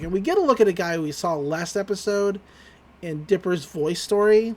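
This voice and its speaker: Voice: medium pitch, lively intonation, moderate pace. A podcast host giving a rambling, chuckling recap of a cartoon episode.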